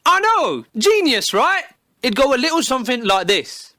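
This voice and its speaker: A man's voice: very high voice, sing-song, normal speed, pushed and bright, dry recording, studio quality. A man delivering a sarcastic, heavily profane comedic monologue, recorded on a phone. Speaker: comedy video creator.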